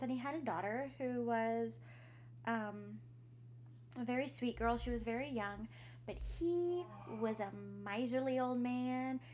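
A woman's voice: fairly high pitch, slight background noise. Chatty woman telling a spooky story. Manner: laughs often, swears casually, acts out quotes. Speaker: podcast co-host. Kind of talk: casual storytelling chat.

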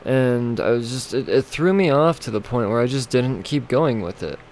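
A man's voice: mid-range voice, normal speed, a little mellow, slight background noise. A man chatting casually and rambling through a list of upcoming comics, swearing now and then and laughing at himself. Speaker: comic book vlogger.

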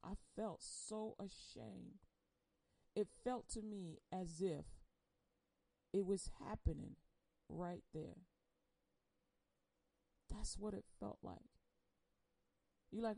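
A woman giving an impassioned personal testimony on air. She speaks emotionally and bluntly, swinging between loud outbursts and hushed confession. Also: mid-range voice, slow pace, gravelly, long pauses, dry recording, poor audio. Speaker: churchgoer sharing a personal testimony.

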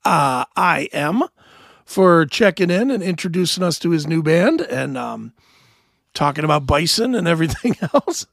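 A male podcast host chatting casually, hoarse and joking, with a profane, laughing manner. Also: fairly high pitch, animated, normal speed, a bit bright, no echo, clean studio sound. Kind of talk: casual chat.

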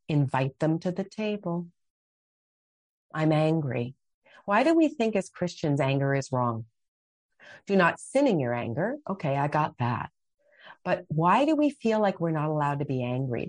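A woman's voice: low voice, sing-song, moderate pace, darkish tone, dry recording. A middle-aged woman speaking passionately as a guest on a faith interview, acting out her own prayers and quotes. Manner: impassioned, dramatic acted-out quotes.

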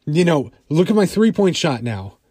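Man playing an eager, teasing preteen boy, a little louder. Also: fairly high pitch, big pitch swings, normal speed, no room sound, clean studio sound, voice pushed up.

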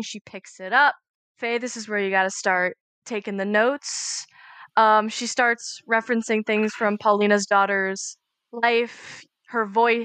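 A woman's voice: mid-range voice, a bit bright, clear, resonant tone, dry recording. A woman playing a tabletop game, describing her character's actions in a hesitant, dramatic way. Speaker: player. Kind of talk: tabletop role-play narration.

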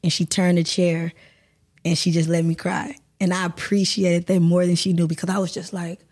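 A woman's voice: on the low side, little pitch movement, moderate pace, darkish tone. A woman guest on a podcast, telling a personal story candidly and emotionally, with some swearing. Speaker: guest actor.

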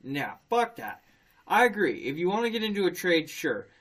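A man with a high voice speaks at normal speed, telling a story in relaxed conversation. Heavy cursing and frequent laughs run through his animated delivery.

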